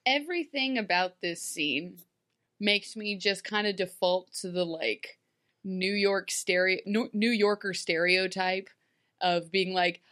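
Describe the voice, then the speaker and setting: A woman's voice: medium pitch, a little slow, fairly bright tone. A woman co-hosting a casual podcast, riffing in a jokey way about a TV episode and acting out comic bits. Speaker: podcast co-host. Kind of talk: casual TV recap chat.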